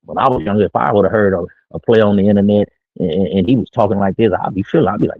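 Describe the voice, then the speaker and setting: This middle-aged streamer is a fast talker with a lowish, gravelly voice, giving dating talk in casual, brash street slang and boasting freely. He broadcasts from his own small studio, and the audio is tinny and phone-like with no echo.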